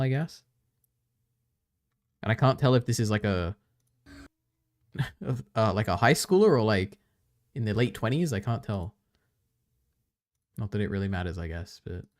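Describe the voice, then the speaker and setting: A man hosting a live stream, rambling and reacting casually as he chats. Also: on the low side.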